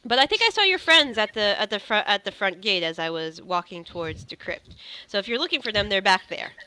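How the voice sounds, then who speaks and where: A woman's voice: animated, fairly quick, sharp tone, no room sound. Woman putting on a stammering eager scholar wizard. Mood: flustered. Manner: stammering, breathless, high-pitched bursts. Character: excitable scholarly male wizard, clumsy and eager.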